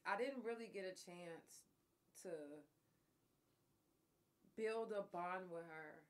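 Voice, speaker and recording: A woman's voice: medium pitch, takes it slowly. Candid woman telling a personal story. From Oklahoma. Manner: candid, profane, emotional storytelling. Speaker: podcast host.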